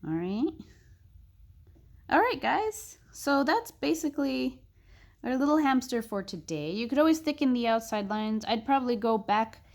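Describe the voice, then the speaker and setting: A young woman narrating a casual drawing tutorial, chatty and thinking aloud with soft muttered asides. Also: on the high side, big pitch swings, normal speed.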